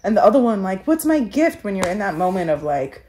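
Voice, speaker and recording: A woman's voice: medium pitch, big pitch swings, fairly quick, warm tone, slight background noise. A woman telling a candid personal story in an interview, earnest and reflective, with many filler "likes". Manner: tearful laughing when moved.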